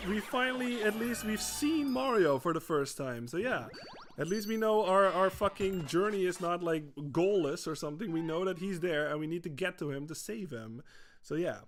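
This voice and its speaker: A man talks through a video game in a casual stream, laughing often and cursing freely. His voice sits high and bright. Faint game music plays underneath. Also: lively intonation, normal speed. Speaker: gaming streamer. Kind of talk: gameplay commentary.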